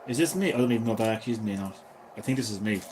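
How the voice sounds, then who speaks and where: A man in his thirties, chatting casually and swearing a lot as a gaming streamer, drifting between loud remarks and mumbled asides. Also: fairly low pitch, rapid-fire, background noise. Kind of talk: casual rambling commentary.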